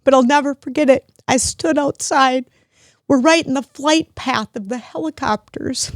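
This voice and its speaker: Middle-aged woman podcast host, heartfelt and tearful, raised pitch, dry close sound. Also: moderate pace, no echo. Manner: emotional, grateful, at times tearful. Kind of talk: heartfelt family conversation.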